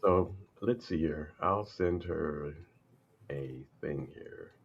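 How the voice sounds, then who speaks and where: A middle-aged man co-hosting a radio talk show in casual chat, exclamatory and quick to laugh. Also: extremely low pitch, expressive, vocal fry, a little hiss or hum. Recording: muffled lo-fi sound.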